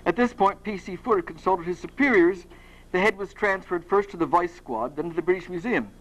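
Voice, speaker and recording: A man's voice: sits high, a little fast, a bit bright, poor audio. A man reading his own fiction aloud at a university, with a dry, wry delivery. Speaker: author giving a reading. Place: university lecture hall.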